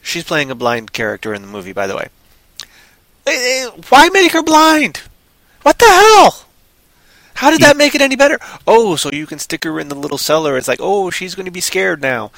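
A man's voice: on the high side, sing-song, a little fast, creaky, fairly bright tone, no room sound. A man ranting sarcastically in casual chat about a movie he disliked. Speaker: movie reviewer.

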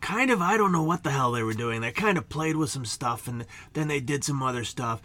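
A man's voice: mid-range voice, animated, brisk, sharp tone. A man streaming to a chat, telling an improvised, silly story in a meandering, joking way with many asides. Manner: meandering, self-interrupting, joking.

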